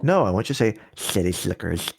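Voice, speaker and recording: A man's voice: fairly low pitch, very animated, fairly quick, vocal fry, slightly rough. A man chiming in as a stream guest with short teasing questions in casual banter.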